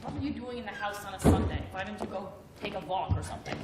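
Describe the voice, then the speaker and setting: A woman's voice: medium pitch, fast talker, natural voice. An actress playing a stern, cold old grandmother who speaks bluntly and in clipped phrases. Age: older. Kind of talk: film drama acting. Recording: roomy, distant film sound, faint noise.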